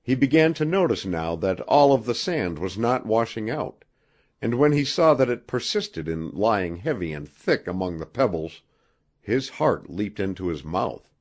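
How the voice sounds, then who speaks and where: A man with a deep, low voice reads an adventure audiobook in scripted narration. His pitch moves a lot, rising and falling with the story, and he tells it expressively. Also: very animated, unhurried, darkish tone.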